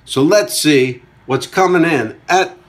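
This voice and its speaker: A man's voice: fairly high pitch, takes it slowly, slight background noise. A man hosting a solo comedy podcast, rambling through a chart countdown with jokey asides and answering his own questions. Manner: rambling, jokey, talks back to himself. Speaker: podcast host.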